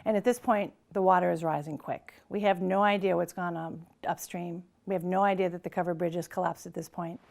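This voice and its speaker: A woman's voice: on the low side, steady tone, a little fast, gravelly, hardly any pauses, a little mellow. Urgent woman narrating in present tense. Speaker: neighbor. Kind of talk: documentary interview.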